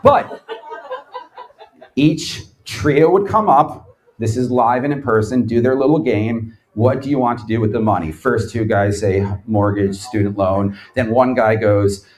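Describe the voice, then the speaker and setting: A man in his thirties giving a comedic live lecture, sardonic and animated, acting out quotes in his stories. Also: mid-range voice, unhurried, low-quality recording. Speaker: lecturer, former quiz show champion. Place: bar event space before a live audience.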